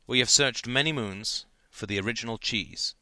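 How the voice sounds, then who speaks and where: A man's voice: medium pitch, moderate pace, pushed and bright, dry recording. A man voicing a theatrical teenage boy who makes grandiose, mock-formal speeches to his friends.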